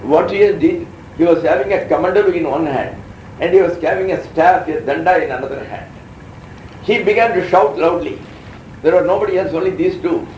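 A man's voice: high voice, a little fast, darkish tone, slight background noise. A man in his seventies with an Indian accent, giving a meandering, anecdotal scriptural discourse as a spiritual teacher. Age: 70s. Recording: roomy sound from a distant mic.

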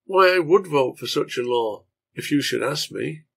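A man's voice: on the high side, expressive, normal speed, vocal fry, husky, exaggerated voice. A man voicing a strong, burly drinker who talks bluntly and firmly.

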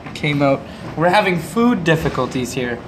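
Teasing high-voiced man co-commenting. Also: sing-song, normal speed, noisy background. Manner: teasing, laughs a lot. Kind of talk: casual gameplay commentary.

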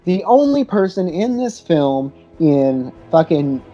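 A woman's voice: low-pitched, sing-song, takes it slowly, warm tone, muffled recording, soft background music. A woman co-hosting a casual movie-review podcast, frank, opinionated and swearing freely. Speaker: podcast co-host.

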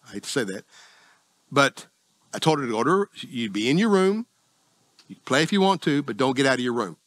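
A middle-aged man with a Southern US accent preaching a sermon in a folksy, self-deprecating, conversational way with sudden jumps in pitch. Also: very animated, brisk, fairly bright tone, dry recording. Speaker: pastor.

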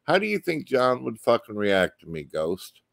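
A man's voice: medium pitch, wildly swooping pitch, moderate pace, gravelly, a loud crowd. A man who is a guest in a casual chat, blunt and profane as he lectures his friend. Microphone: webcam mic on a live stream.

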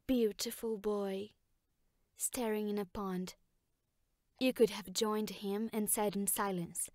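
A woman doing a slow, brooding voice of blame. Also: medium pitch, steady tone, darkish tone, no room sound, studio quality, lightly acted. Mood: reproachful. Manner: measured and reproachful. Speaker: stage actor. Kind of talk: experimental theater monologue.

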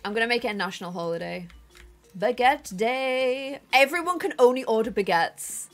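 A high-voiced woman streams a game live and chats with her viewers. Her pitch leaps all over the place as she gushes and exclaims dramatically. Soft game music plays underneath. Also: expressive, normal speed. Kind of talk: live gameplay stream chat.

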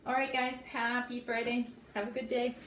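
Recorded from a distance in an echoey room with faint background noise, a woman teacher with a slightly high voice reads a storybook to children. She goes slowly and expressively, explaining the story and adding sound effects.

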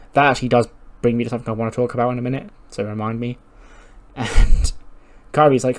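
A man's voice: mid-range voice, fairly even intonation, a little fast. A man casually narrating a wrestling sim playthrough, swearing now and then. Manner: casual, swears, acts out characters. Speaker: game commentator.

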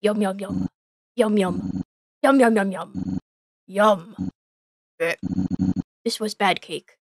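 A woman's voice: mid-range voice, takes it slowly, vocal fry, pitched below the performer's own voice. Woman putting on a dim stone guardian. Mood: grumbling. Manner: broken, simple speech. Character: slow, simple-minded stone guardian creature.

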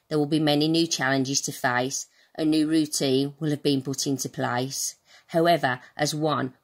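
Low-voiced Birmingham woman reading a poem. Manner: earnest, addressing pupils directly. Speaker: school staff member. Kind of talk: reading her own rhyming poem.

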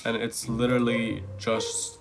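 A man's voice: medium pitch, monotone, creaky, over music. Playful young man reading and commenting. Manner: playful, chatty, quick asides. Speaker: vlogger.

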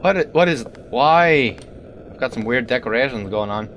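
A man giving let's-play commentary on a game, animated and talking back to the things on screen with sudden exclamations. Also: medium pitch, moderate pace, highs cut off, a little hiss or hum. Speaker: gaming video creator.

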